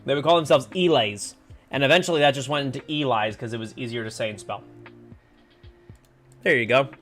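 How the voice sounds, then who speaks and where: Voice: medium pitch, brisk, fairly bright tone, soft background music. A livestreamer thinking aloud while working through word clues in a puzzle game, often trailing off unsure. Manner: muses over word clues, trails off with "I don't know".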